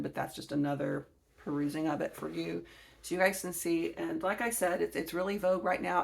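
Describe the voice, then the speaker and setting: A woman's voice: low-pitched, creaky. A woman in her forties with a Southern US accent, chatting casually and rambling about her books on her own channel. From Alabama, US. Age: 40s. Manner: chatty, rambling, self-correcting. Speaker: gardening channel host. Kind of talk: casual video chat showing books.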